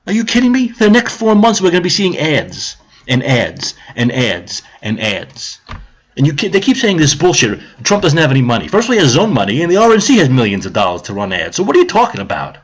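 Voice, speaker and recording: A man's voice: on the high side, wildly swooping pitch, fast, breathy edge. A man ranting on a live stream about politics, heated, sarcastic and profane, repeating his points.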